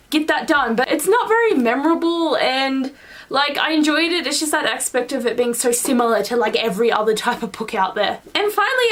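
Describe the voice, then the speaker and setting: A woman's voice: high-pitched, fairly bright tone, far from the mic. A young woman vlogging her monthly reading wrap-up in a rambling, gushing way, full of "like". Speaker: book vlogger. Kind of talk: casual monthly book wrap-up.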